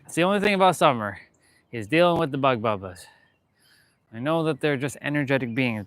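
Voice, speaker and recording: A man's voice: medium pitch, animated, a little fast, long pauses, fairly bright tone, no room sound. A man chatting casually in a summer park during his fitness vlog, laughing and shooing bugs away. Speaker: fitness vlogger. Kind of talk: casual outdoor vlog chat.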